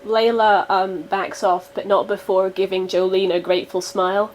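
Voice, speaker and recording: Woman player, casual tabletop narration, mid pitch, faint hiss. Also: level tone, normal speed, poor audio. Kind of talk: narrating a character's actions in a tabletop game.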